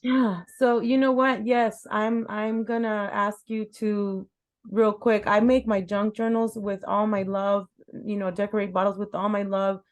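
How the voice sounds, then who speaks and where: A woman's voice: medium pitch, level tone, unhurried. A middle-aged woman hosting a casual chat interview, talking emphatically and repeating words for stress. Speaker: host.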